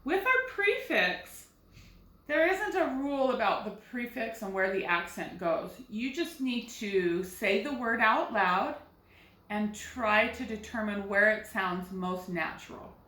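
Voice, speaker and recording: A first grade teacher, a woman, talking young children through a recorded phonics lesson with slow, clear explanations. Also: medium pitch, expressive, pushed and bright, roomy sound.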